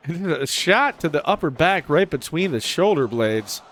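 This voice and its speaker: Guy doing play-by-play for a wrestling video game, kinda high voice, gets excitable on big moves, faint hiss behind. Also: unhurried. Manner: excitable, with sudden jumps in pitch on big moves. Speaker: play-by-play commentator.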